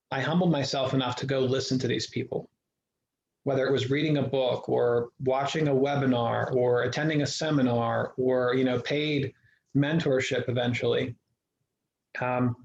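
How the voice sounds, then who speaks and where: Speaking as an interview guest, a man with an ordinary middle-pitched voice tells his story earnestly and reflectively, circling back and restarting along the way. The echoey room gives a dull, lo-fi sound with faint hiss underneath.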